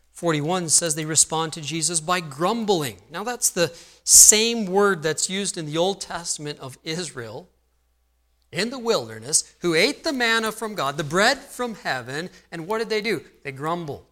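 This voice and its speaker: A male pastor preaching a sermon, emphatic and repetitive, dropping to a hush for weight. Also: medium pitch.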